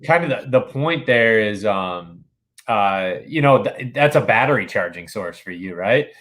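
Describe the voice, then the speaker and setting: A man's voice: fairly low pitch, animated, unhurried, a bit bright. A man in casual podcast chat, explaining with enthusiasm, many restarts, and frequent use of "dude". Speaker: podcast co-host.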